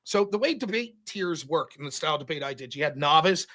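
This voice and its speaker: A man in casual podcast chat, telling stories in an animated, profane way into a close mic. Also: a little high, quick pace. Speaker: podcast host and debater.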